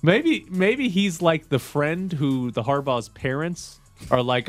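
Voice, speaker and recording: A man hosts a sports radio show, casually chatting and joking about football news in a quick, animated way. His voice is a little high, with faint music behind him.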